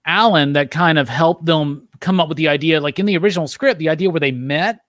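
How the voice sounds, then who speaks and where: A man hosting a casual movie review chat, talking with animated enthusiasm and leading the discussion. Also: fairly high pitch, fast talker, no echo, studio quality. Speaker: podcast host.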